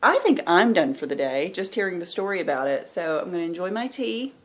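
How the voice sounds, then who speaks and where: A thirties woman with a Southern US accent chats candidly in her stitching vlog, rambling along and sounding worn out. She's a cross-stitch vlogger, and her fairly low voice comes out very animated and brisk in this casual talk.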